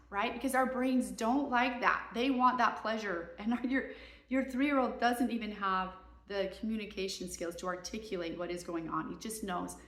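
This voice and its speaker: A woman's voice: medium pitch, reverberant. A woman, a mother and parenting coach, giving earnest, emphatic advice in a casual talk to camera. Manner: earnest, emphatic, voices kids and parents in quick asides.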